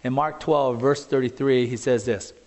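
A man in his forties preaching a sermon in a church, conversational and animated, full of asides and rhetorical questions. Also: mid-range voice, normal speed. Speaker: pastor. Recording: long hall reverb.

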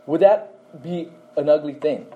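A man's voice: on the high side, measured pace, narrow, tinny audio, slight background noise. A man teaching a Bible class, often quizzing listeners with questions and adding "okay?" to his points.

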